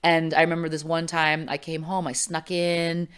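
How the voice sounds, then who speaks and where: This podcast guest is a middle-aged woman with a low, clear, resonant voice, speaking at a normal speed. Chatting casually in an interview, she relates a personal story with lots of fillers and lively impressions of the people she's quoting.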